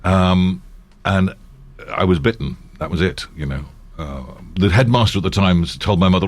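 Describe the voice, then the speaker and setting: An older male actor who also does voiceover work speaks in a low voice at a normal pace. He's the guest in a casual interview, telling meandering anecdotes with many restarts and easy laughs.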